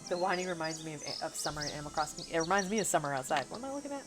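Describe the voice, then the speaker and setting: Casting: woman game streamer, slight Missouri twang, lowish voice, chatty, game music playing behind. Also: lively intonation, rapid-fire. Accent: Missouri Bootheel twang. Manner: chatty, thinks aloud, reads chat. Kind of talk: livestream gameplay commentary. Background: game music and cicadas.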